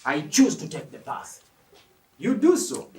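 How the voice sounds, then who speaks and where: A male preacher delivers a sermon in an animated, emphatic style, often putting questions to his congregation. His pitch rises and falls widely as he speaks. He is picked up from some way off, and the hall around him echoes. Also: unhurried. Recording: echoey hall, mic from a distance.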